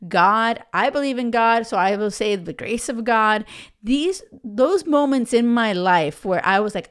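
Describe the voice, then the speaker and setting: Woman, 30s, podcast host, personal storytelling, chatty, lots of fillers, smooth clear voice. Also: a little high, lively intonation, unhurried. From United States. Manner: chatty, with many fillers like "right?" and "you know".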